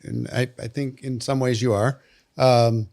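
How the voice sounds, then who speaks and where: A man's voice: mid-range voice, level tone, measured pace, creaky, a little mellow. A man hosting an interview podcast, reflecting thoughtfully and affirming his guest. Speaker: podcast host. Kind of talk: interview conversation.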